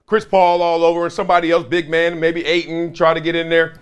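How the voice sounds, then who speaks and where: A middle-aged man hosting a podcast in a casual monologue, acting out conversations with sudden loud and soft swings. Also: on the high side, flat delivery, a little fast, smooth. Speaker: podcast host.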